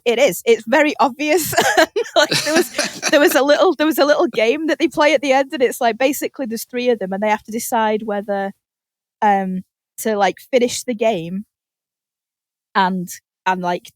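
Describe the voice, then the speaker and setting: A woman co-hosting a podcast in casual chat, telling rambling, animated stories and acting out the quotes. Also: medium pitch, moderate pace, no room sound. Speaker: podcast co-host. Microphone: podcast microphone.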